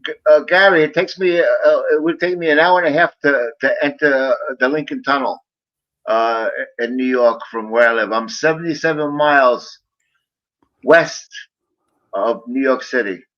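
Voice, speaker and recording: A man's voice: medium pitch, normal speed, fairly bright tone. Talkative man on a dull lo-fi line. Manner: talkative, tells stories with many stumbles. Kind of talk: casual chat.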